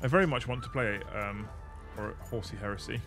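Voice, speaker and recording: A man's voice: fairly low pitch, fairly quick. A man hosting a casual livestream, chatting and thanking viewers while building models. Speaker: livestream host. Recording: faint music behind.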